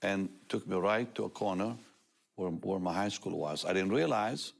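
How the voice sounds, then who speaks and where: An older man speaking as a talk show guest, telling a personal testimony in an animated way, often laughing and acting out what others said. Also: sits low, normal speed, vocal fry.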